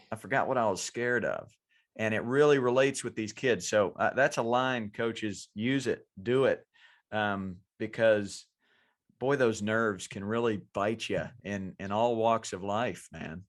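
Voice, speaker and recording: A man's voice: lowish voice, a bit bright. A man co-hosting a podcast, a coach who talks earnestly about his players in a casual chat.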